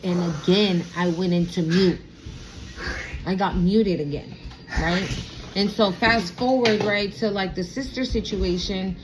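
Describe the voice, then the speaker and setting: A woman's voice: medium pitch, background noise. A woman in her thirties giving a casual spiritual vlog as a tarot reader, talking in a sassy, blunt way with plenty of slang and swearing.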